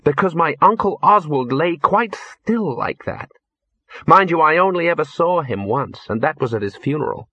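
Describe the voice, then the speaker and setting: A man's voice: fairly high pitch, lively intonation, normal speed, sharp tone, breathy edge, no echo, lo-fi sound, pitched above the performer's own voice, full character voice. A man voicing a blunt, matter-of-fact young woman, raising his voice to a lighter tone. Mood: musing.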